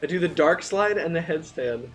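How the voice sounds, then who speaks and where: Male stream host, excitable and laughing, a bit high-pitched, light noise floor. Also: normal speed. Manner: giggly, excitable, talks to chat. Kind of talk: casual gameplay chat with chat.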